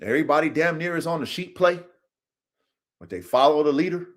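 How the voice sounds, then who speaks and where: A man hosting a podcast, giving a profane, preachy motivational monologue that swings from low mutters to shouts. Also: fairly quick. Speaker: podcast host.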